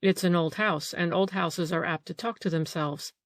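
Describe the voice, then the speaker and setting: A woman reading an audiobook, voicing a small, gentle old male detective who questions politely. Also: lowish voice, normal speed, dry recording, clean studio sound, close to an everyday voice.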